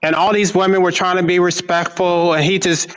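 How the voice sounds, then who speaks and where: A man's voice: sits high, flat delivery, brisk, a bit bright, poor audio. A man speaking as a panelist in a casual online panel discussion, candid and emphatic, swearing freely. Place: online video call.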